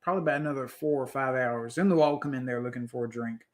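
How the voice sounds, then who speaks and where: A man's voice: mid-range voice, fast, lightly acted. Casting: weary, matter-of-fact woman dealer, acted by a man for a tabletop game. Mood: businesslike.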